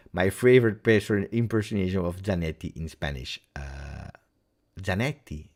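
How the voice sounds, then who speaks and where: A man with an Italian accent hosting a live football reaction stream, talking casually and joking, with many "uh"s. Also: low voice. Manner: animated, joking, halting with "uh"s.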